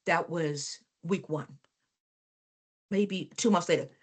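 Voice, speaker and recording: Taking her time in a fairly low, slightly rough voice, a woman leads a live business workshop. She tells stories with animated emphasis, repeats phrases and speaks straight to the class.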